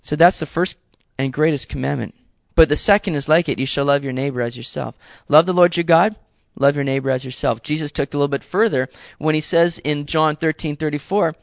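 A man preaching a sermon in a conversational, animated way, with playful asides to the congregation. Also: on the high side, brisk, creaky, no room sound, lo-fi sound. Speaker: pastor.

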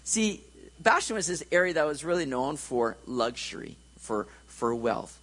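A man's voice: on the high side, sing-song, measured pace, fairly bright tone, low-quality recording. A man preaching a conversational sermon, joking and checking in with his listeners.

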